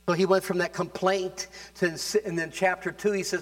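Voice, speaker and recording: A man preaching a sermon, talking casually with restarts and building to fervent, louder passages. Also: high voice, little pitch movement, fairly quick, hardly any pauses. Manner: conversational, with repeated words and restarts. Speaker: pastor.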